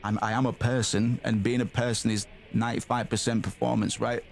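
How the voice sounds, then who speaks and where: A man's voice: medium pitch, flat delivery, a little fast, vocal fry, faint music behind. A man streaming a game, reading its text aloud and chatting bluntly, swearing freely and calling the audience "man" and "bro".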